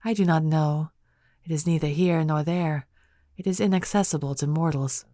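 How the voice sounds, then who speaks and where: A woman voicing an ancient female phoenix spirit in an audiobook, speaking calmly and formally. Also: low voice, normal speed, no echo, studio quality, lightly acted.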